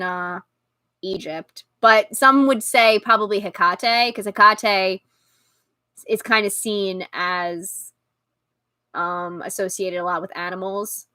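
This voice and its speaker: A woman hosting a casual live-stream chat, talking loudly and laughing often. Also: medium pitch, dry recording. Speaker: podcast host.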